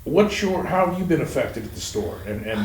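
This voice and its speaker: A man's voice: a little high, animated, fairly quick, darkish tone. A man hosting a casual podcast chat, rambling and swearing freely as he talks. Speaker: podcast host. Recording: roomy echo, mic at a distance, faint noise.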